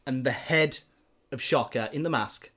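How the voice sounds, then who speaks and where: A man's voice: medium pitch, moderate pace, a bit bright. A man animatedly telling a story in casual chat, with lots of filler words.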